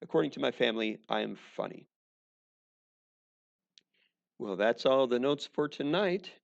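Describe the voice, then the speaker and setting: A male teacher talks through a recorded language lesson in a very gravelly, fry-heavy voice, with dry joking asides along the way. The recording sounds dull and lo-fi. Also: medium pitch, lively intonation, brisk.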